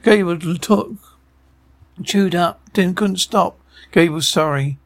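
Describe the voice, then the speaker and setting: An eager male dog who can talk, speaking in short, broken, childlike phrases. His voice is a little high, with a gravelly fry, and it comes from a film. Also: slow, dry recording. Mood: pleading.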